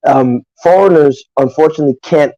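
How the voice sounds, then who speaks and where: A man from Nigeria, a guest on a podcast livestream, telling stories in an animated, emphatic way with lots of asides. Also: a little high, fairly quick, dry recording, lo-fi sound. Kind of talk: casual podcast chat.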